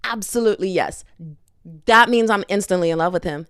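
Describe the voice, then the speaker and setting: A young woman hosting a podcast in casual chat, gushing and animated, with lots of "like". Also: mid-range voice, moderate pace, gravelly, clean tone, no echo, clean studio sound. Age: young adult. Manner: gushing, animated, heavy filler "like". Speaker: podcast host. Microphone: headphones on, podcast mic.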